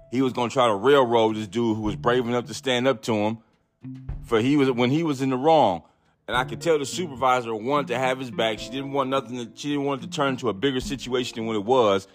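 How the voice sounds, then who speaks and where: A man hosting a podcast, telling a story in a casual, profane, animated way, acting out other people's voices. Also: medium pitch, a little fast, soft background music. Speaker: podcast host.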